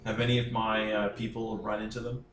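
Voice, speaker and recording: Man, tabletop player, low monotone, casual remarks, echoey room, faint noise. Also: a little fast, faint music behind. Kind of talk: playing a tabletop game.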